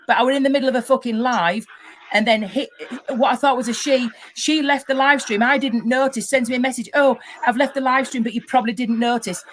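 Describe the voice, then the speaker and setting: A woman's voice: fairly high pitch, a little hiss or hum. A woman hosting a livestream chat, ranting angrily with lots of swearing and restarts. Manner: angry, swearing, rambling rant. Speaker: livestream host.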